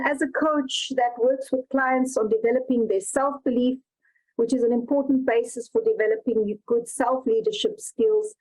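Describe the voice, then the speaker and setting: A woman's voice: fairly high pitch, rough recording. Formal woman moderator introducing a guest. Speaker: summit interviewer and moderator. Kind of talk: reading an introduction and asking a question.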